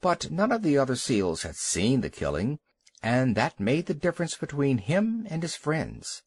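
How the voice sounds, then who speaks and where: Expressive male storybook narrator. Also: mid-range voice, moderate pace, husky, dry recording. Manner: expressive, dramatic reading. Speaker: audiobook narrator.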